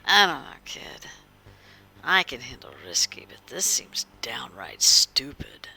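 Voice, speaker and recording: A woman voicing a gruff, streetwise old male Nosferatu vampire with a gravelly voice, in a live-streamed tabletop game. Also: a bass voice, sing-song, takes it slowly, sharp tone, heavily acted.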